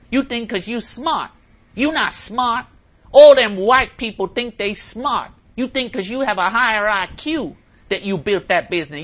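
Brief: man doing a raised-pitch, taunting politician, slow and loud. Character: mocking impression of a male politician.

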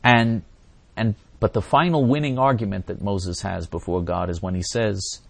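Male religious teacher, low register, fervent delivery, dramatic quoting. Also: fairly even intonation, moderate pace, creaky, no echo. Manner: intense, repeats phrases, quotes voices dramatically. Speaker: religious teacher answering viewers.

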